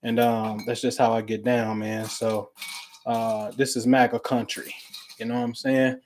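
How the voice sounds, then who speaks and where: A man hosting a show, talking in casual, profane chat, telling stories animatedly and dropping to low mumbles. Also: level tone, measured pace, darkish tone, a little hiss or hum. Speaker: podcast host.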